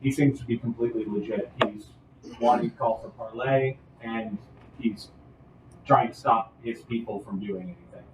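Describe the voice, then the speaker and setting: A man narrating as game master, describing scenes in relaxed, halting phrases. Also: medium pitch. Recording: roomy room, distant mic, faint hiss.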